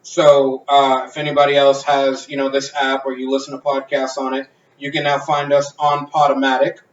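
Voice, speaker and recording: The podcast host here talks in a loose, meandering, profanity-heavy way from a home garage, where the sound comes across dull, distant and roomy. He speaks in a monotone at medium pitch and a moderate pace.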